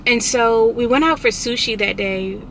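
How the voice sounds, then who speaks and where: Young woman, casual car vlog, bright voice, slightly high, faint road noise. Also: normal speed, vocal fry. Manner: chatty, animated storytelling with quoted outbursts. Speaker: vlogger. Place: inside a car.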